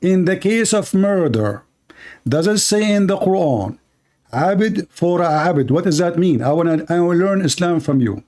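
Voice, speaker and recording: A man's voice: sits high, expressive, normal speed, darkish tone. A man with an Arabic accent, a native Arabic speaker from the Middle East, hosting a heated debate and pressing his opponent with insistent, combative questions. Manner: combative, insistent, talks over the caller. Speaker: host, Christian apologist.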